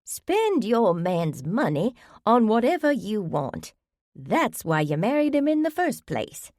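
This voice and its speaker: A woman putting on a high, whiny voice for a spoiled wife. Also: big pitch swings, slow, darkish tone, dry recording, clean studio sound.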